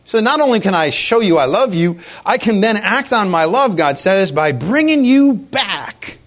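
Impassioned preacher, high lively voice. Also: male voice. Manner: impassioned preaching with rhetorical questions to the congregation. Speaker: pastor. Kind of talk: sermon.

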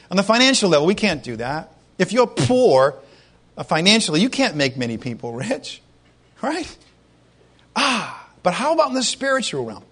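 A male pastor delivers a sermon in a high, bright-sounding voice. He speaks in a conversational, animated way and keeps asking his listeners rhetorical questions. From Irish heritage.

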